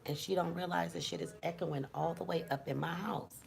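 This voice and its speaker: A woman's voice: fairly low pitch, fairly even intonation, a little fast, vocal fry, hardly any pauses, a crowd in the background. A woman in her fifties chatting casually at home, blunt and profane as she rambles. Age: 50s. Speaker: vlogger. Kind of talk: casual chat. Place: at home indoors.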